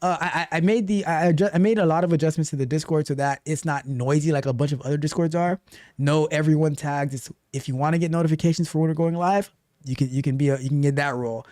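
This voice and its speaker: A man's voice: fairly high pitch, quick pace, darkish tone, dry recording, clean studio sound. A man coaching on tech, streaming live and reading his chat aloud with a playful, teasing manner.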